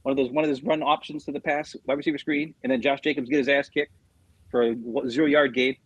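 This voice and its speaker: A man's voice: medium pitch, little pitch movement, quick pace, slightly rough, no room sound, low-quality recording. A middle-aged man co-hosting a sports show, venting in heated, profane casual chat about his team's loss. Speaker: sports podcast co-host.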